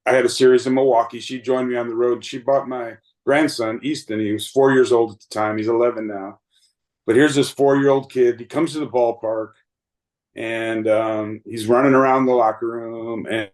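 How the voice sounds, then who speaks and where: Man, late 50s, umpire guest; earnest, rambling storyteller, mid-pitched everyday voice. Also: a little mellow, low-quality recording. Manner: earnest, rambling, lots of fillers and restarts. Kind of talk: reflective storytelling interview.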